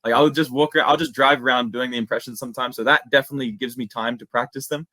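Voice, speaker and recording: A young man with an Australian accent chatting casually as an interview guest, slangy and relaxed. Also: medium pitch, fast talker, no echo. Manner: laid-back, slangy, says "man" and "bro" a lot. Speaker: guest, MMA YouTuber.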